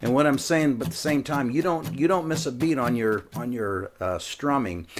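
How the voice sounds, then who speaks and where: Man, guitar teacher, mid-pitched voice, casual coaching, counts beats aloud, loud acoustic guitar behind. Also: normal speed. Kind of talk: casual video lesson. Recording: guitar playing throughout.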